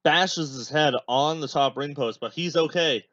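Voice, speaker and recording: A man's voice: fairly high pitch, unhurried, fairly bright tone, no room sound. Young guy podcaster rambling over a match, dry dull home mic. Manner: rambling, many fillers, chatty asides. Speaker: podcast host. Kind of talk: casual watch-along commentary.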